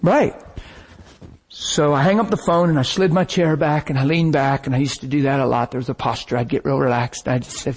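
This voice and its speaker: A man preaching, telling a story in an animated, dramatic way that breaks at times into shouts and laughter. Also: mid-range voice, brisk, breathy edge. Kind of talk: sermon storytelling.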